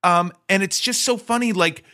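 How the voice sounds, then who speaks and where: A man's voice: high-pitched, moderate pace, sharp tone. A middle-aged man hosting a podcast, telling a story in casual chat with lots of restarts and self-mocking asides. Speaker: podcast host.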